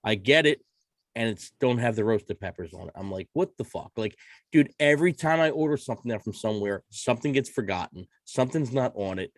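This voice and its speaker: A man hosting a casual podcast chat, excitable and profane, laughing often. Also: mid-range voice, fairly quick, no room sound. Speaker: podcast host.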